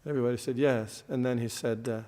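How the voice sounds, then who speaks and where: Male lecturer, mid pitch, teaching a temple class. Explains terms, quizzes the room. Long hall reverb. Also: fairly even intonation, fast talker, dark tone. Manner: explains terms, quizzes the audience, frequent fillers and restarts.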